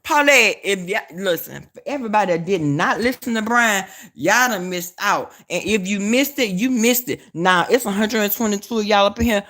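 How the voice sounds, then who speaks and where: Southern woman, livestream vlogger, middle-pitched voice, loud, profane, animated, calls viewers y'all. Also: normal speed, hardly any pauses. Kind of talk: casual livestream chat.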